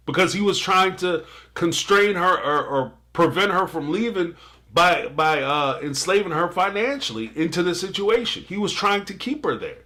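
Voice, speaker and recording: Bright, joking man hosting a live stream. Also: high voice, animated, moderate pace. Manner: joking, laughs often, playful asides. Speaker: live-stream host reacting to a TV episode. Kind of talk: casual live-stream commentary, reading super chats.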